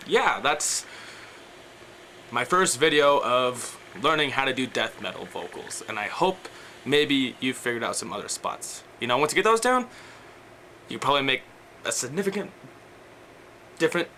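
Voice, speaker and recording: Young man, casual tutorial, rambling, hesitant fillers, bright forceful tone, faint background noise. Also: medium pitch, expressive, normal speed, long pauses, rough recording. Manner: rambling, hesitant, lots of fillers, breaks into screams and growls. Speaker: vocal tutorial maker.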